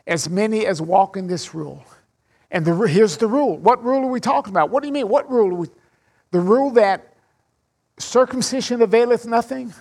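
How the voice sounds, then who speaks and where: A man's voice: high-pitched, creaky. A middle-aged man preaching a sermon, earnest and personal, reading scripture between his own thoughts. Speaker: pastor.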